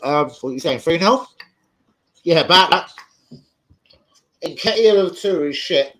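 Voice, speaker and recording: An excitable young man runs a live football watch-along. He swears freely and greets his viewers one after another. His voice is bright and forceful, and his pitch swings widely. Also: slow pace, low-quality recording. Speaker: football fan channel host.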